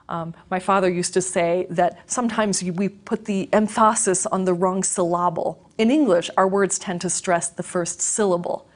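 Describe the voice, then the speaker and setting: Woman, lecturer, measured, clear, mid-pitched, scripted lesson.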